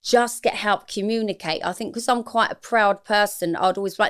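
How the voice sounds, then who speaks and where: Interview guest: woman, 40s, candid and confessional, average pitch. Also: steady tone, brisk, hardly any pauses, clean tone. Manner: frank, emotional, confessional.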